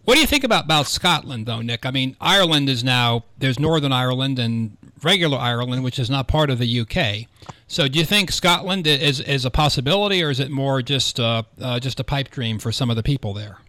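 A man with an American accent hosting a talk radio show, speaking clearly and interviewing a guest from a studio. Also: mid-range voice, lively intonation, brisk, bright, forceful tone, no echo. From United States. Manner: clear, articulated radio delivery.

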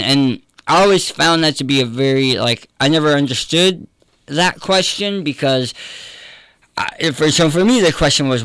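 A young adult man with a slight lisp, telling his story in an earnest, halting way as an interview guest. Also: mid-range voice, creaky, fairly bright tone, clean tone, no echo. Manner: earnest, halting, many restarts. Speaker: guest, comedian and preacher.

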